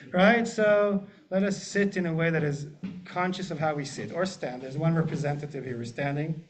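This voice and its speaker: A man, a rabbi, teaching a group in a relaxed, joking way and often checking in with the room. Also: a little high. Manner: chatty, jokey, asks the group often. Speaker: rabbi leading a class. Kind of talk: casual teaching with humor. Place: synagogue classroom with a group. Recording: muffled lo-fi room recording.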